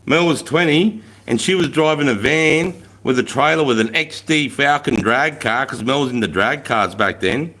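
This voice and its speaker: With a bright, forceful, expressive medium-pitched voice, this Australian man in his forties talks at normal speed with few pauses. He hosts a casual livestream, reading comments and telling blunt, swearing, slangy stories.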